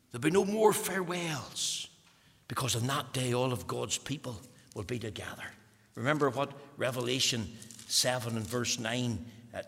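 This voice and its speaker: A man preaching a fervent sermon that swells and drops to a hush, in a church hall. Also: medium pitch. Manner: fervent, rising and falling to a hush. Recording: echoey hall.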